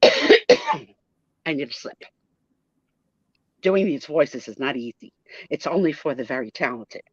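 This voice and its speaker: A woman's voice: low-pitched, animated, slow, breathy edge, no echo. A woman hosting a live stream, telling a playful doll story with chatty, self-mocking asides. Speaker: host. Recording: dull lo-fi dry sound.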